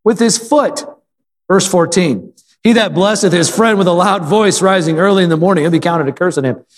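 A man's voice: sits high, normal speed, in a large hall. A middle-aged man preaching a sermon, telling stories in a folksy way and asking the congregation for amens. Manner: folksy storytelling with calls for amen. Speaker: pastor. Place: church.

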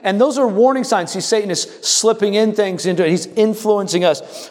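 A man preaching a sermon as pastor, animated and calling on the congregation to answer him. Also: high voice, moderate pace, in a large hall. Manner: animated, calls on the congregation to respond.

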